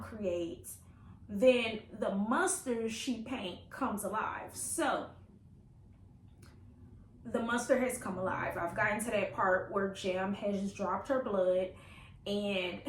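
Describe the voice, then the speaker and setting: A young woman, chatting playfully about a book she is reading and reacting with laughter. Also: mid-range voice. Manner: playful, laughing, reads passages aloud with reactions. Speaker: book vlogger. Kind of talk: casual reading vlog chat. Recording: echoey room with faint ambient noise.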